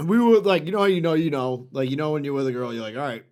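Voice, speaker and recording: Excitable man, quick to laugh. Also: fairly high pitch. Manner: excitable, laughs often, profane. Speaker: podcast co-host. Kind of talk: casual chat.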